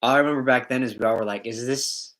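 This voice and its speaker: A man's voice: medium pitch, fast talker, fairly bright tone. A man chatting his way through a casual livestream, reading viewers' comments aloud and riffing on them. His talk wanders and jokes along, and he laughs often as he goes. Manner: rambling, joking, laughs often.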